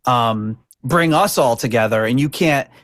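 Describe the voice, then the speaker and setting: A man co-hosts a music podcast and chats casually about lyrics. He rambles and doubles back, full of "like" and "you know". His mid-pitched voice sounds close and dry, with no room echo. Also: measured pace, fairly bright tone. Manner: rambling, hesitant, many fillers and restarts. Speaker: podcast co-host.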